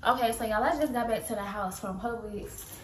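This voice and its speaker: A woman's voice: fairly high pitch, fairly quick, heavy background noise. Chatty young woman vlogger. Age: 20s. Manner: chatty and animated, lots of "like" and "y'all". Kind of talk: casual vlog talk. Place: at home, later in a car.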